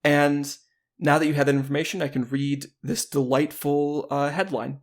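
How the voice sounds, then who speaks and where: A man's voice: a little high, little pitch movement, moderate pace. A man co-hosting a podcast in playful, rambling casual chat, often laughing. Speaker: podcast co-host.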